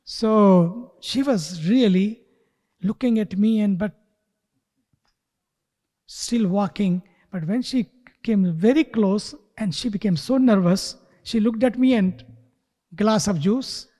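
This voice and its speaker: A man giving a spiritual talk who tells a story slowly and sometimes drops to a whisper. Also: sits high, mellow, big-room sound. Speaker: spiritual teacher. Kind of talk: sermon with storytelling. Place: retreat hall.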